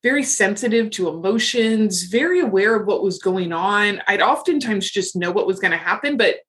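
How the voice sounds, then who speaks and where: A woman's voice: mid-range voice, expressive, moderate pace, fairly bright tone. A middle-aged woman talking frankly and casually as a podcast guest, with lots of fillers. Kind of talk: casual interview chat.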